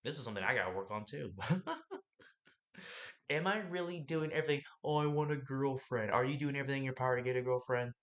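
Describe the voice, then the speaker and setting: A man's voice: medium pitch, animated, a little fast, long pauses, a bit bright. Man, podcast host, motivational monologue, preachy, rambling, asks questions, acts out others' lines. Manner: rambling, with laughs and restarts.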